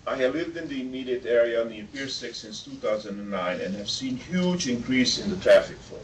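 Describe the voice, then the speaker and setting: A man reading a measured, detailed statement as a public commenter at a board meeting. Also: mid-range voice, animated. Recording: distant mic, faint room noise.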